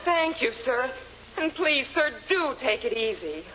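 A prim, dutiful secretary. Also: female voice, high voice, very animated, measured pace. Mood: proper. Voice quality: polite, proper delivery. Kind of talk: 1940s radio acting. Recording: muffled old radio recording with hiss.

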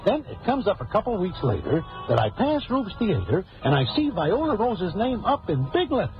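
A man's voice: high voice, wildly swooping pitch, moderate pace. Wry man narrating an old radio drama. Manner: wry, amused, Broadway slang. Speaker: narrator and lead character. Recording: dull lo-fi old radio recording with music.

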